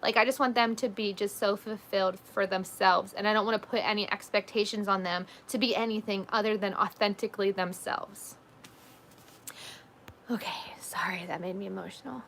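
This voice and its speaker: A woman's voice: medium pitch, steady tone, brisk, hardly any pauses, fairly bright tone, slight background noise. A woman in her thirties hosting a casual livestream, chatting loosely with lots of "like" and "um" as she reads out viewer comments. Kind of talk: casual live chat.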